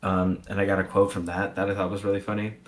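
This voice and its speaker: A man's voice: sits low, level tone, fast talker. A man co-hosting a casual wrestling podcast, easygoing and hesitant, with many ums. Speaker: podcast co-host.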